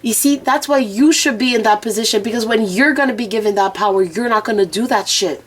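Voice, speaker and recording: A woman's voice: fairly high pitch, fast, husky. A woman gives an intuitive spiritual reading outdoors, addressing the viewer directly. She is blunt and unfiltered, with frequent swearing. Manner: frank and profane, speaking straight to the viewer. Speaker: oracle and rune reader. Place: outdoors near planes and traffic.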